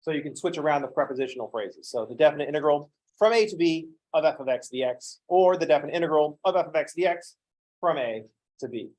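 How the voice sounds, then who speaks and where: A man lecturing a math class in a classroom, his voice sitting a little high for a man. He explains with a wry, joking manner, tossing in playful asides between points. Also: a little fast, a little mellow.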